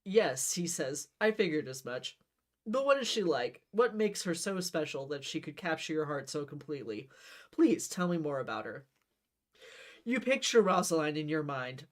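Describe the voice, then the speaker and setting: A woman's voice: low voice, sing-song, moderate pace. A woman reading a comic gamebook aloud in a casual, playful way, with asides and small slips. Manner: playful, laughs at own jokes, slips and restarts. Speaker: book reader.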